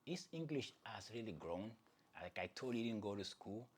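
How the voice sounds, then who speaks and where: A man's voice: lowish voice, expressive, normal speed, slightly rough. A man hosting his own channel, giving casual, playful commentary with chatty asides to viewers and jokes at his own expense. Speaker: athletics commentator and channel host.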